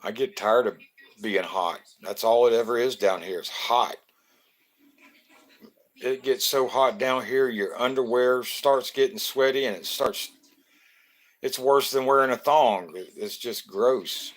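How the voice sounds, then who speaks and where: A man's voice: mid-range voice, a little slow. Laid-back man chatting live. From Florida. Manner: loose, joking, greets viewers by name. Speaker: live stream host. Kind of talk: casual live stream chat.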